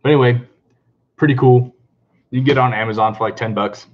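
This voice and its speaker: A man chatting casually on a live stream, excitable and talkative, greeting viewers and laughing often. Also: mid-range voice, quick pace, muffled recording. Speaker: comic book vlogger hosting a live stream.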